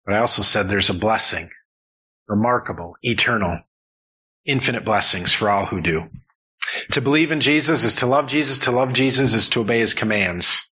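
A man's voice: on the low side, normal speed, pushed and bright, slightly rough, muffled recording. A man preaching an earnest, emphatic sermon as pastor, building points through repetition.

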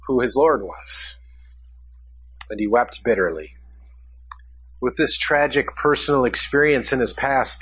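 A man's voice: mid-range voice, fairly bright tone, slightly rough, low-quality recording. A man preaching a sermon, asking his congregation questions as he teaches from a passage. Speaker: pastor.

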